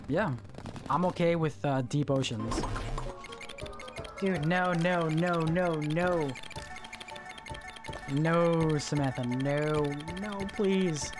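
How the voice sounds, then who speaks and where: A live streamer chatting casually with viewers while gaming, groaning and pleading in a loose, slangy way with many repeats. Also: medium pitch. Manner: squeamish, pleading and groaning at chat. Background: music.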